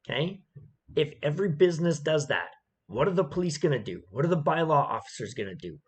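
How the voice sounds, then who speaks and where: A man's voice: fairly high pitch, big pitch swings, fairly quick, breathy edge. A man giving opinionated commentary on a video clip, emphatic and repetitive, often checking in with "okay?".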